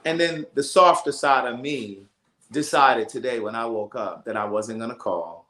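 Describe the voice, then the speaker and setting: A man hosts a casual livestream and tells a story in an animated, emphatic way, circling back and repeating himself as he goes. His voice sits at an ordinary pitch and carries a noticeable roomy echo. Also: normal speed. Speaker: livestream host.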